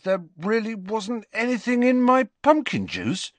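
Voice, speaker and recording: A man's voice: fairly high pitch, big pitch swings, moderate pace, a bit bright, dry recording, pitched above the performer's own voice. A man reading an audiobook voices a blunt, defensive teenage boy.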